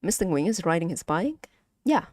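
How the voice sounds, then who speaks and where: A young woman with a Vietnamese accent, teaching Vietnamese on a casual stream, speaking haltingly with many fillers and repeats. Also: on the low side, very animated, darkish tone, no room sound. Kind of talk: casual language lesson stream.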